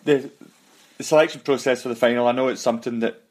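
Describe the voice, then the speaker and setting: A man's voice: medium pitch, fairly even intonation. Hesitant male interviewer. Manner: halting, restarts questions. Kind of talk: interview questions.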